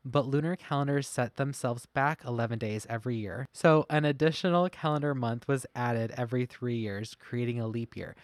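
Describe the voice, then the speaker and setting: Podcast co-host, reads from a phone, joking asides, mid pitch, close dry mic. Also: no echo. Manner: reads from a phone, self-deprecating and chatty asides. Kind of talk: casual podcast chat, reading research notes aloud. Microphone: podcast mic, masked.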